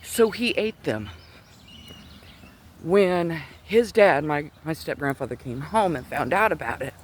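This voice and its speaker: A middle-aged faith vlogger walks outdoors on a chilly day, slightly winded, earnestly rambling through a personal faith story with many restarts. His voice sits high and animated, a bit slow with long pauses, against a noisy background picked up by his Bluetooth earpiece.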